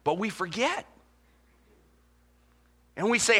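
A middle-aged man preaching a sermon as pastor, telling folksy stories and slowing down to quote scripture. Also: high-pitched, bright, forceful tone.

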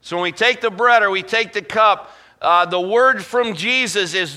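A middle-aged man preaching a sermon as pastor, telling folksy stories and slowing down to quote scripture. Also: high-pitched, sharp tone.

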